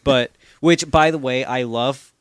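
Smooth-voiced chatty podcast co-host man. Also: mid-range voice, steady tone, measured pace, dry recording. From Florida. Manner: chatty, rambling, swears casually. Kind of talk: casual chat.

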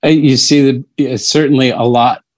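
A man in casual conversation, responding in a measured way. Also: mid-range voice, fairly even intonation. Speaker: listener in conversation. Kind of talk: casual chat.

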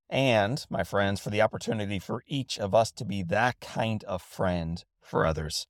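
A middle-aged man hosting a reflective spoken essay, telling a story in an earnest, measured way and reading passages reverently into a studio microphone. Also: fairly low pitch, clear, resonant tone, no echo. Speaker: host and motivational speaker.

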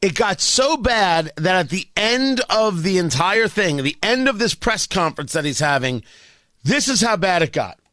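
Male podcast host, high-pitched, blunt opinionated commentary, dry close studio sound. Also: big pitch swings, moderate pace, bright, forceful tone, no room sound. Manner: blunt, with frequent restarts.

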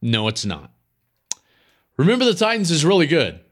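Animated man hosting a podcast. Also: on the high side, normal speed. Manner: animated, emphatic, many "like" fillers. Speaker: podcast host. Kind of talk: casual mailbag monologue.

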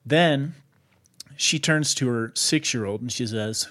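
Male podcast host, conversational storyteller, lively, loose delivery. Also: mid-range voice, moderate pace. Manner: animated, lots of "like" fillers. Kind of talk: casual storytelling.

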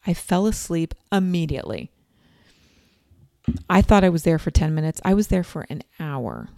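A woman in her forties telling a personal story in a chatty, animated way, acting out quoted lines. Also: fairly low pitch, moderate pace, creaky, dry recording, studio quality. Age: 40s.

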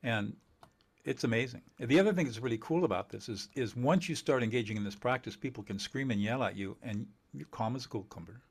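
A man teaching communication skills in an interview, emphatic and animated, laughing often and acting out quoted dialogue. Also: medium pitch, fast talker, breathy edge. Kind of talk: conversational interview.

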